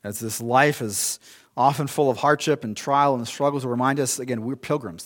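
A man's voice: medium pitch, moderate pace. A male pastor preaching a sermon in a conversational, storytelling way, with asides and restarts.

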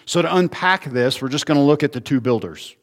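Guy preaching a sermon, earnest teaching, asks questions then answers them, middle pitch. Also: animated, a little fast. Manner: earnest teaching, rhetorical questions, varied emphasis. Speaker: pastor. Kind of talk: expository sermon.

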